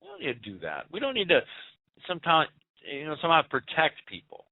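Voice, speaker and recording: A man's voice: on the high side, wildly swooping pitch, brisk, vocal fry, no echo. A man hosting a talk radio show, delivering a fired-up, preachy political monologue with rhetorical questions. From United States. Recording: tinny phone-like audio.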